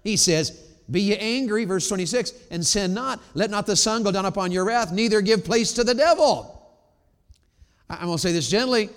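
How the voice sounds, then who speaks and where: Male pastor, high voice, fervent sermon, loud-then-quiet delivery, reverberant church hall. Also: normal speed. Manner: fervent preaching, swings from loud emphatic peaks to low quiet asides. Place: church sanctuary.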